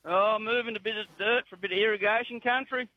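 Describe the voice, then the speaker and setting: A man with a broad rural Australian accent drawls easily through a radio phone call, his voice sitting high. The line is dry and dull, with a muffled lo-fi sound. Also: fairly even intonation, fast, no room sound. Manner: laconic, drawling, says mate a lot. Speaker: caller. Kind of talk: casual radio phone chat.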